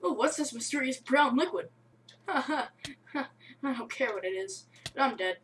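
A young woman giving excitable, rambling let's-play commentary on her game, breaking into yelps. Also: high voice, measured pace. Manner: excitable, rambling, bursts of yelling. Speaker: gamer. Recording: distant mic with faint hiss.

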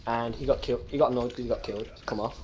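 Over game voice chat, a young man with a Birmingham accent tells crude, jokey, rambling stories in a casual way. His mid-range voice is fairly even in intonation and rapid-fire, and the recording is rough.

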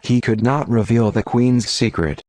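A man reading an audiobook in a steady, measured narration. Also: medium pitch, dry recording.

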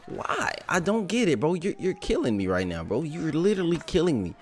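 Young male gamer, casual play-by-play, lively pitch, loud bursts of trash talk. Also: a little fast, hardly any pauses. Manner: excitable trash talk, shouting and laughing at the game. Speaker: gaming YouTuber. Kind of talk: casual live gameplay commentary.

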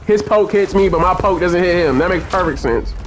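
A man's voice: high-pitched, fairly quick, a little hiss or hum. Cursing, ranting young gamer guy. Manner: angry, profane ranting at the game. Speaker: gaming channel host. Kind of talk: live gameplay commentary. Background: game music.

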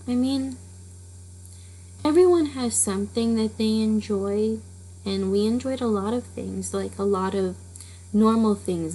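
A woman's voice: mid-range voice, measured pace, pauses often, mellow, slightly rough, poor audio. A woman hosting a storytelling channel, giving a rambling, casual spoken intro with many fillers. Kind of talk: casual chatty intro to a reading.

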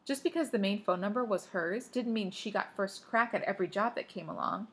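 A woman's voice: mid-range voice, brisk, fairly bright tone, breathy edge. A woman reading a first-person story aloud, dropping offhand asides of her own. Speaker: audiobook reader. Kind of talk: first-person audiobook narration.

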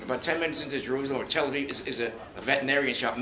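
An older man with a New York accent spins show-business stories for a live crowd, jumping in and out of quoted voices. His tone is bright and forward. The sound carries the echo of a roomy space with a faint hiss underneath. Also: medium pitch, racing. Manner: rambling show-business anecdotes with acted-out quotes. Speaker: host. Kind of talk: storytelling at a live event. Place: bookshop event room with an audience.

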